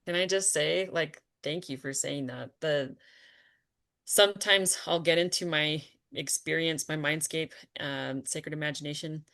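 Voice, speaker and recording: A woman leading a spiritual conversation, earnest and animated, often laughing and trailing off with fillers. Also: sits low. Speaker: spiritual teacher.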